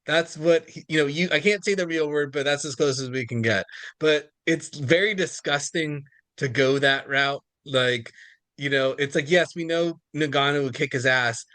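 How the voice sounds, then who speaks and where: A man co-hosting a sports podcast, rambling through his points with lots of "like" and "you know". His voice sits a bit higher than most men's. The sound is dry and close. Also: moderate pace, pushed and bright, no echo. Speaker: podcast co-host. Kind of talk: casual chat.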